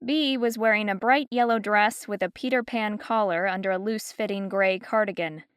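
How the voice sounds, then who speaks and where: Give me a woman narrating a novel with a smooth, resonant voice in a dry, close studio. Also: mid-range voice, dry recording. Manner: even, measured storytelling. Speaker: audiobook narrator. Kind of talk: scripted narration. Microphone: close studio mic.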